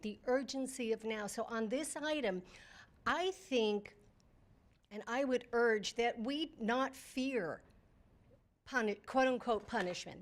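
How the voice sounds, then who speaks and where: Brief: female charter school leader, higher voice, direct and argumentative, stops and restarts. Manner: blunt and argumentative, with halting restarts. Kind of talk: meeting discussion. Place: conference room.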